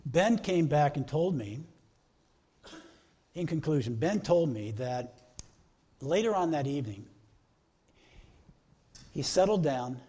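A man's voice: a little high, animated, slow pace, pauses often, mellow, husky. A middle-aged man preaching a sermon as pastor, earnest, stacking repeated phrases into lists.

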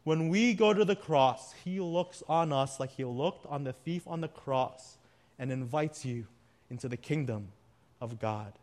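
A man preaching a sermon to a congregation, earnest, often dropping to a quiet, intimate emphasis. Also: fairly high pitch, measured pace. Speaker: pastor.

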